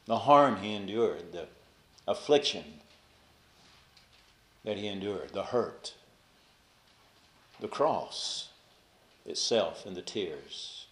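A man preaching a sermon with passion, dropping to a hush on key phrases and rising to raised emphasis. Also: low voice, lively intonation, takes it slowly, long pauses. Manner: impassioned, swings from hushed to raised emphasis. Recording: echoey room.

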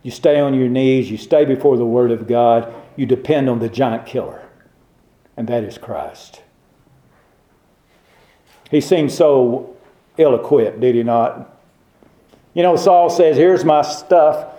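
A man's voice: medium pitch, slow, long pauses, mellow. A man preaching a sermon, emphatic and fond of rhetorical questions. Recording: roomy echo.

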